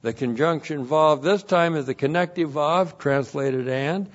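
A man teaching verse by verse through a Bible passage, slow and emphatic, repeating key phrases for weight. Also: on the high side, muffled recording.

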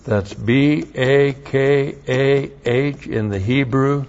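A man's voice: medium pitch, takes it slowly, darkish tone, dull audio, slight background noise. A man preaching a verse-by-verse Bible lesson, spelling out Hebrew words letter by letter and repeating key phrases. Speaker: pastor.

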